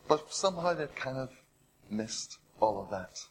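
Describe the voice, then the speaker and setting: A man delivering a sermon in a mid-range voice. He retells scripture with dramatic swings, poses rhetorical questions and drops to a hush for weight. Faint noise sits under the recording. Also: mid-range voice, lively intonation, a little slow, poor audio. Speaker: preacher.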